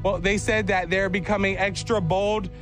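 Animated high-voiced male radio host. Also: normal speed, soft background music. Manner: animated storyteller, breaks into silly voices and laughs. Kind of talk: casual morning show banter.

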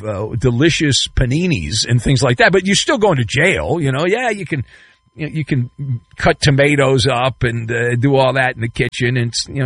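A man's voice: a bit bright, no echo. Man with a wildly swinging voice, sarcastic. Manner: sarcastic, mocking, with sudden jumps in pitch. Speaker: podcast host. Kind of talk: comedic sports commentary rant.

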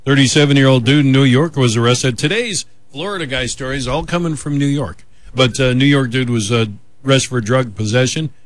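A man's voice: mid-range voice, brisk, no echo. A man hosting a radio show, chatting and joking in a loose, casual way.

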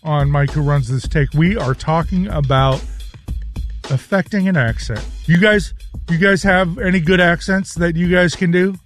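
A man's voice: a little high, moderate pace, soft background music. A man running his weekly radio segment, laid-back and rambling, sometimes searching for words. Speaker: regular segment contributor. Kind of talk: casual sports radio banter.

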